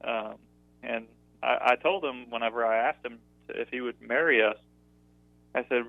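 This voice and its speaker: A young man, a former college pitcher, telling stories as an interview guest in a chatty way, full of fillers and laughter. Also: moderate pace, gravelly, long pauses, no room sound. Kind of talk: casual interview storytelling. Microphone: phone call. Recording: dry tinny phone line.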